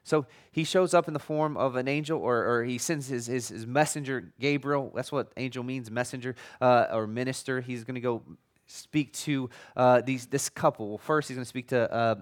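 A man's voice: medium pitch, moderate pace. A middle-aged man preaching a sermon as a pastor, in a conversational way, with frequent restarts and jokey asides.

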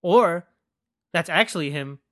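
A man's voice: a little high, unhurried, pushed and bright. A young man hosting a podcast, ranting about a movie in a casual, mocking way and swearing constantly. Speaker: podcast host. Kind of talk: casual profane movie rant.

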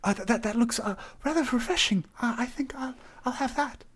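A player voicing a shy, awestruck female satyr who stammers in a high voice. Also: brisk, fairly bright tone, breathy edge, heavily acted. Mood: nervous eager. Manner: stammering, breathless, high-pitched.

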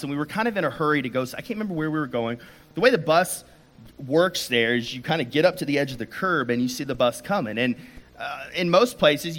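A man's voice: mid-range voice, a bit bright. A man giving a sermon to a church audience, telling a personal story in a conversational way, often restarting his sentences. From United States. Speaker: preacher.

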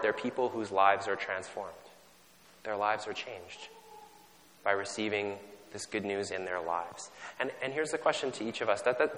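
A man's voice: lowish voice, pushed and bright, a little hiss or hum. A man from Canada preaching a sermon in a conversational, self-deprecating way, often restarting his sentences. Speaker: pastor. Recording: long hall reverb.

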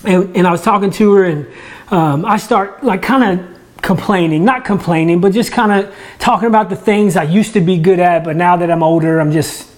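A man's voice: high-pitched, moderate pace. A man who leads a church ministry, giving a casual sermon from his own home. He talks in a conversational way, often restarts words and jokes about himself. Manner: conversational, restarts words, self-deprecating humor.

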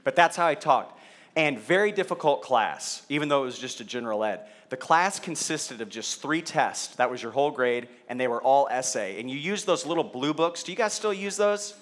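A man's voice: mid-range voice, expressive, moderate pace, a bit bright. A man preaching a sermon to a live audience into a stage microphone, telling stories with self-deprecating humor and asking the audience questions. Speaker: pastor. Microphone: handheld or stage microphone.

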